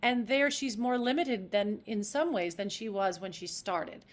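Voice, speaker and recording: An actress talking as a podcast guest in an animated, demonstrative way. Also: female voice, mid-range voice, a little slow. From United States. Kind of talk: interview.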